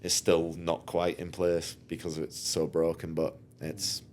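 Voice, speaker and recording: A man's voice: deep voice, measured pace, slight background noise. A man, a podcast guest and racer, telling his story in a casual, rambling way, acting out what others said. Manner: rambling, animated, acts out quotes.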